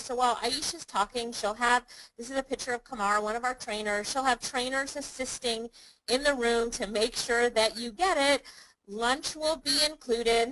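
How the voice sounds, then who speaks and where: Woman, live webinar host, chatty, upbeat, slightly high-pitched. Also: a bit bright, rough recording. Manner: upbeat, addresses viewers by name, chatty. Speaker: online business course host.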